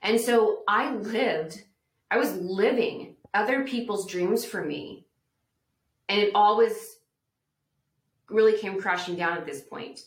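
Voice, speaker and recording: On a podcast, a woman with a mid-range voice shares her personal testimony earnestly and reflectively, acting out the voices of people she quotes. She speaks slowly with long pauses, and the recording has a roomy echo.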